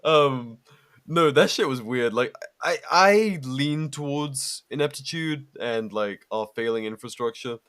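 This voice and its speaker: A man's voice: medium pitch, a little slow, a bit bright, clean tone. A young man co-hosting a podcast in casual chat, laid-back, swearing often, with lots of fillers and laughs. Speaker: podcast co-host.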